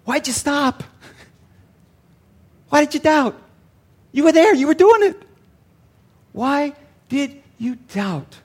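A man voicing Jesus as a gentle, encouraging teacher with soft, coaxing questions. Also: very high-pitched, big pitch swings, slow pace, pauses often, pitched above the performer's own voice, exaggerated voice. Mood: gently encouraging.

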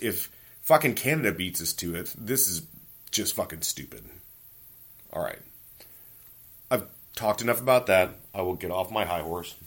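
Profane ranting man in his forties, husky. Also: fairly low pitch. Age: 40s. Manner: profane, ranting, animated storytelling. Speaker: podcast host. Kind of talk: casual monologue.

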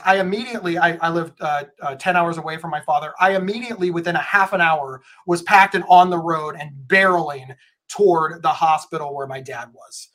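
A man's voice: fairly high pitch, fairly bright tone. A man giving earnest, emphatic advice in a conversational style, often restarting his words. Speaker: guest speaker on mental health.

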